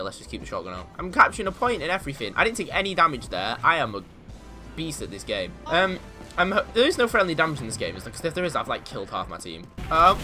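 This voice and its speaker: A man giving casual, excitable commentary on his own gameplay, boasting in jest and yelping when things go wrong. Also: mid-range voice. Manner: excitable, mock-boastful, yelps and laughs in panic.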